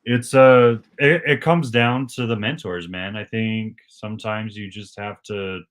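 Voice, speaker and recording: A man's voice: lowish voice, steady tone, unhurried. A man hosting a casual podcast conversation, talking in an easygoing, chatty way with a lot of "man" and "like". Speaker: podcast host.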